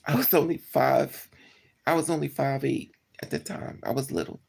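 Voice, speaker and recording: Streamer voice, deeply gravelly and husky, blunt and profane, loops back to fix details while telling a story to chat. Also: steady tone, normal speed, a little mellow. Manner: blunt, profane, repeats and corrects itself. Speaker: livestreamer. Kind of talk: casual storytelling to live chat.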